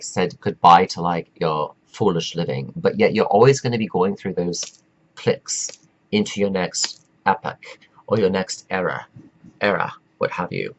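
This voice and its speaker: Low-voiced man, preachy rambling talk. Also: animated, muffled recording. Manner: meandering and preachy, drawn-out emphatic phrases. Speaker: self-help speaker. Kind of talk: rambling spiritual pep talk.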